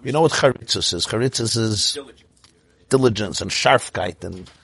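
Husky male host, explains things patiently, dry close-miked sound. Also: fairly low pitch, animated, moderate pace, fairly bright tone, no room sound. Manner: reflective, explains terms to his listener. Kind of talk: conversational teaching.

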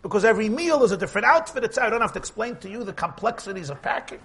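Animated high-voiced man giving a humorous sermon. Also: very fast. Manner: animated storytelling with Yiddish words and acted-out quotes. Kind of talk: humorous sermon to a live audience.

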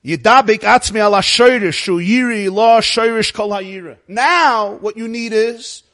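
Animated high-voiced man giving a lecture. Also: unhurried. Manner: animated, emphatic, with rhetorical questions. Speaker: religious teacher. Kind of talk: spiritual lecture to an audience.

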